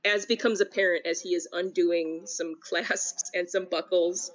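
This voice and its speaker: A woman playing a tabletop game, describing her character in a relaxed way with many ums. Her voice sits somewhat low. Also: a little slow, low-quality recording. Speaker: player.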